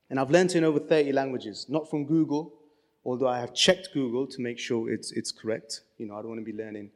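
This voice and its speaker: A man's voice: medium pitch, a little mellow. A man giving a casual church talk, telling stories and encouraging his listeners, with many restarts. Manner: chatty, storytelling, many restarts. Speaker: church speaker. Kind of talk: casual sermon talk with anecdotes. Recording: long hall reverb.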